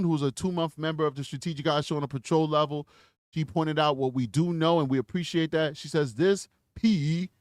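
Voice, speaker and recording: A man hosting a true-crime livestream, talking to his chat in an animated, mocking way. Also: on the high side, dry recording, studio quality. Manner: animated, mocking, chats with viewers. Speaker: livestream host.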